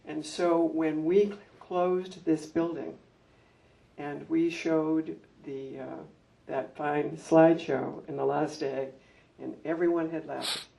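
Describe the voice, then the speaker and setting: A man's voice: fairly high pitch, slow pace, vocal fry. An older man, a former school administrator, reminiscing with heartfelt stories at a public event. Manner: heartfelt storytelling, animated when telling anecdotes. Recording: distant mic with faint room noise.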